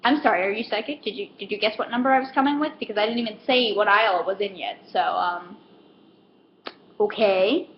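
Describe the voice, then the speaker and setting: A woman's voice: mid-range voice, a little fast, lo-fi sound, a little hiss or hum. A woman who works in retail, rambling through a casual comedic rant with lots of fillers and self-deprecating asides. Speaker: retail store worker.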